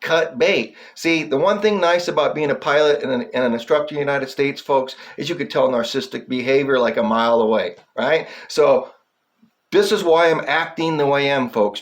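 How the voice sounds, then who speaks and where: A man delivering an agitated, profane, rambling rant straight to camera, repeatedly addressing his viewers as folks. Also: medium pitch. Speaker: self-publishing filmmaker addressing police. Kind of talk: angry direct-to-camera rant.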